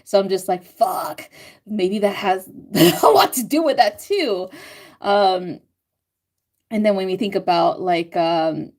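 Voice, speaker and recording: A young woman reading out live chat comments on a stream, chatting casually with frequent swearing, laughter and animated self-quotes. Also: mid-range voice, slow. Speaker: astrology and tarot reader reading live chat.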